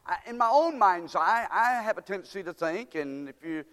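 A man preaches a sermon, moving from storytelling into impassioned appeals. His high voice swings up and down. A long reverb from the hall trails every line. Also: lively intonation, normal speed, a bit bright. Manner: storytelling, building to impassioned exhortation.

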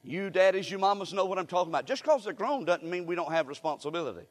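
Brief: older male preacher, high voice, folksy call-and-response, long church reverb. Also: lively intonation, quick pace. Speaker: guest preacher. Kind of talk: sermon.

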